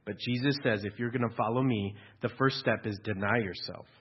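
A man preaches to his congregation in a relaxed, conversational way, slipping in dry jokes. His voice is somewhat husky. The recording sounds a little dull and lo-fi, as if taken in a church. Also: fairly low pitch, fairly quick. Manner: conversational preaching with dry humor and acted-out quotes. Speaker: pastor. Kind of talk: sermon.

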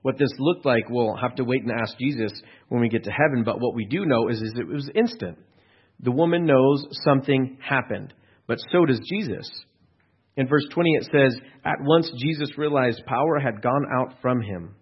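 A man's voice: mid-range voice, moderate pace, breathy edge. A male pastor giving a sermon in a conversational, storytelling way, asking his listeners rhetorical questions. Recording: dull lo-fi recording.

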